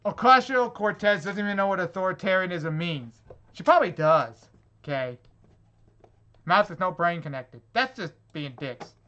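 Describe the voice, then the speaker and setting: A man's voice: high-pitched, lively intonation, normal speed, sharp tone, highs cut off. A man reading online comments aloud in a vlog and reacting to them with sarcastic, swearing exasperation. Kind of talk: angry rant reacting to comments.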